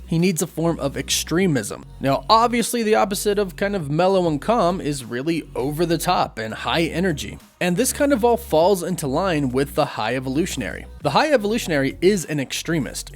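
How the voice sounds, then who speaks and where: Man with a higher voice recapping movie theories. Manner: speculative, explains theories step by step. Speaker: YouTube movie news host. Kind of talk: scripted commentary video.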